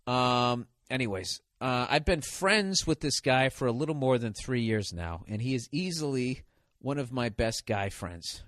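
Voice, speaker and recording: A man's voice: mid-range voice, expressive, a little slow, a bit bright, dry recording. A man hosting a podcast, telling a comic story as a profane, exasperated rant. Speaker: podcast host. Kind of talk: comedic storytelling monologue.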